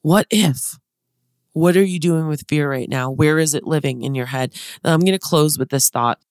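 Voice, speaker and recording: A woman's voice: deep voice, moderate pace, darkish tone, no room sound, studio quality. A woman in her thirties hosting a motivational podcast, talking to listeners in an upbeat, chatty, direct way. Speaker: podcast host and business consultant.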